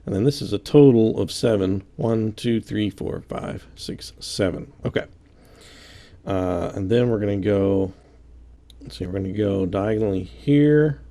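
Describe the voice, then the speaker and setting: A man's voice: fairly low pitch, unhurried, mellow. A man giving casual step-by-step building commentary, counting aloud and joking about himself. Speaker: game building tutorial host.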